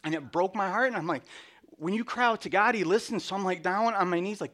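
A middle-aged lay speaker gives a candid, self-deprecating personal testimony in church, full of restarts and little laughs. He has a high, fairly bright voice and talks fast.

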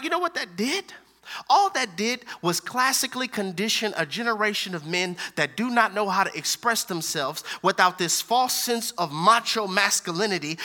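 A man preaching a sermon with emphatic repetition, calling out to his audience and swinging between loud declarations and hushed lines. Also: high voice, animated, normal speed. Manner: calls out to the audience.

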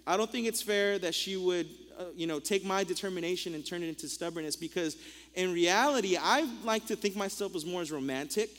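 Playful young preacher in a hall. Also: male voice, high voice, fairly quick, a bit bright. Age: young adult. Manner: playful, self-mocking, repeats words as he talks. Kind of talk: humorous sermon storytelling.

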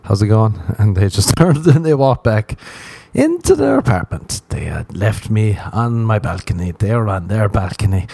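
A man's voice: on the low side, very animated, moderate pace, vocal fry, warm tone, breathy edge, no echo. A young man hosting a solo comedy podcast, rambling with crude jokes. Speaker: podcast host.

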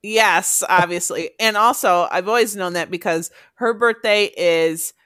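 A woman hosting a casual podcast with her husband, playful and quick to laugh. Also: fairly low pitch, clean tone, no room sound, studio quality. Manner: playful, giggly, animated. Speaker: podcast host. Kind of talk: casual chat.

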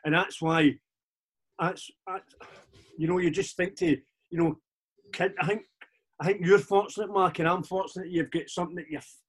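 A man in his forties with a Glaswegian accent, a guest chatting casually in a halting, rambling way with many restarts. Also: high-pitched, fairly even intonation, husky. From Scotland. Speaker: podcast guest, DJ. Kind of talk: casual chat.

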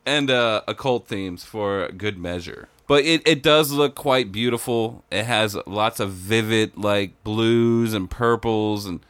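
A man's voice: fairly low pitch, slow pace, hardly any pauses, a bit bright, clean tone, dry recording. A man co-hosting a casual podcast, laid-back and giggly, often trailing off mid-thought. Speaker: podcast co-host. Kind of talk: casual horror news chat.

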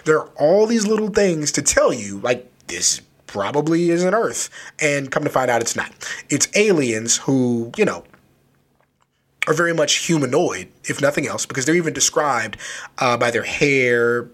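A man casually recapping a children's horror story, loose and animated, with lots of filler words. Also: medium pitch, moderate pace. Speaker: book reviewer.

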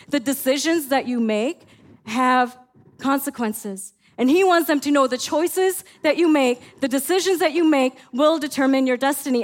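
A middle-aged woman pastor preaching a sermon, telling family stories in an animated way and acting out her own lines. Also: high-pitched. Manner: animated storytelling, acts out her own quotes.

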